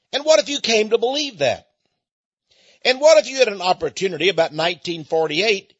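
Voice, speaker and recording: A man's voice: high voice, a bit bright, no room sound. A man from Texas, a radio host, speaking in a folksy conversational monologue and chuckling often. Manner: folksy storytelling with frequent chuckles. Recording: dull lo-fi recording.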